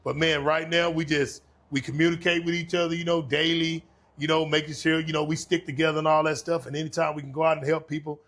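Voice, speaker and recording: A man's voice: fairly high pitch, little pitch movement, quick pace, fairly bright tone. A middle-aged man from Texas with a Texan accent, telling stories as an interview guest in a laid-back way, often saying "man.". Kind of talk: casual interview storytelling.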